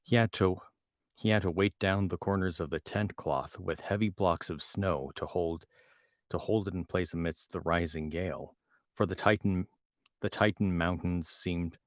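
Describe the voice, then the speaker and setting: A man's voice: deep voice, steady tone, unhurried, no echo, studio quality. A man reading a novel aloud at home, often tripping over words and restarting them. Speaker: reader reacting to a novel. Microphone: home microphone.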